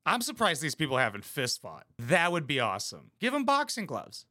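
A man with a bright, forceful tone, pitched a little high, reacts to a reality show in a crude, mocking way. His voice is close and dry, and he delivers blunt put-downs in casual, profane chatter. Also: huge pitch swings, a little fast, no room sound. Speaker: reaction commentator.

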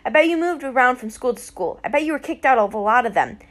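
Smart serious teen girl explaining stuff, matter-of-fact, kinda high voice, read by a woman. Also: lively intonation, quick pace, fairly bright tone. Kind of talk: audiobook character voice.

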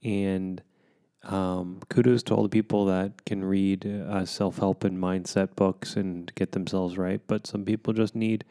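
Low, flat-voiced weary man. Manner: soft-spoken, halting, with many pauses and restarts. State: emotionally drained. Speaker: co-host. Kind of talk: candid personal conversation.

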